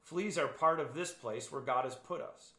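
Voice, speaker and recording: A man reading aloud the lines of a serene, faithful young woman prisoner, calm and matter-of-fact, in an echoey room. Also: mid-range voice, normal speed, lightly acted.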